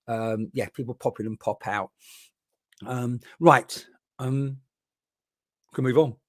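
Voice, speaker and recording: A man working as a spiritual medium in a live online session, talking in a rambling, chatty way full of restarts, into a boom mic. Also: no echo, clean studio sound.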